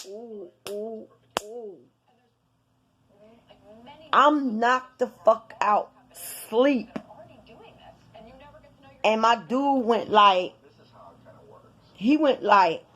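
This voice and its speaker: A woman vlogger telling a personal story to her viewers in a casual, animated way. She swears freely, repeats herself for emphasis and keeps talking straight to her audience. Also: on the high side. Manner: animated, profane, addresses viewers directly with lots of repetition.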